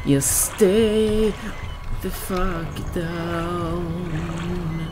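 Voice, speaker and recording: A man giving let's play commentary on a horror game as a gaming YouTuber. He yells in fright at the game and cracks goofy jokes. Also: high voice, fairly even intonation, drawn-out words, music in the background.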